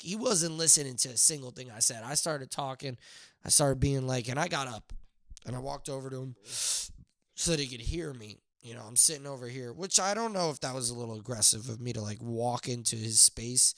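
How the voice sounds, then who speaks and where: A young man hosting a solo podcast, rambling and profane, breaking into high strained shouts of a catchphrase. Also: fairly quick, dry recording, clean studio sound. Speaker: podcast host. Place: outdoors near his house.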